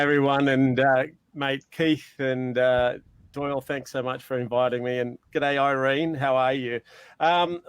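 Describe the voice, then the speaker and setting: An Australian man speaks as a guest in a mid-range voice, recorded dry and close with little room sound. He talks in a friendly, easygoing way and pauses on fillers as he goes. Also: mid-range voice, dry recording. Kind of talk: casual chat.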